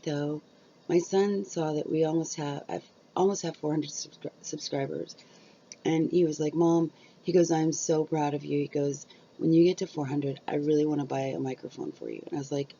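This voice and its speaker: A middle-aged woman talks casually to her viewers from home, rambling along with plenty of ums. Her voice is dark and gravelly with a lot of fry. The sound is dull and lo-fi, from a cheap mic. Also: low-pitched. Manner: rambling, chatty, frequent fillers. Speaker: YouTuber. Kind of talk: casual chat to camera. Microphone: cheap built-in camera mic.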